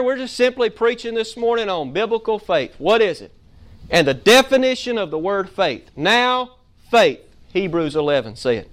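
A man's voice: sits high, smooth. A man preaching a sermon as pastor, quizzing the congregation with questions he answers himself, asking "Amen?" and reading scripture in old biblical wording. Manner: builds from calm to emphatic.

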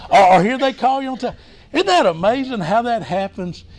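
A man preaching a revival sermon as a missionary, fervent and exclaiming glory and hallelujah, breaking in with "hey, listen" and sudden shouts. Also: extremely high pitch, animated, normal speed.

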